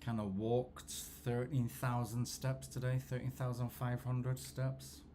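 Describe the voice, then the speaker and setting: A man, host of a football watchalong, telling rambling, self-deprecating stories in a low-key casual chat. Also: level tone, takes it slowly, mellow, a little hiss or hum. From England.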